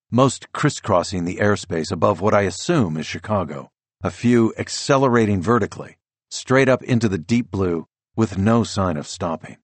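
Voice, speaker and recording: A man narrating a first-person novel as an audiobook, measured and descriptive. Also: deep voice, husky, dry recording.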